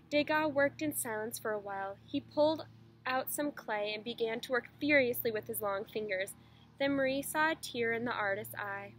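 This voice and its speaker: A teacher reading a children's picture book aloud in a steady, expressive storytelling manner. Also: female voice, fairly high pitch, normal speed, a little hiss or hum, low-quality recording.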